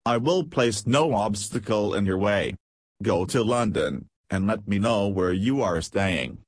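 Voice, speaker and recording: A man's voice: lowish voice, expressive, unhurried, slightly rough, dry recording. Scheming aristocratic lady, light and insinuating, voiced by a man, dry close sound. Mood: silky. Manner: light, falsely sweet and insinuating.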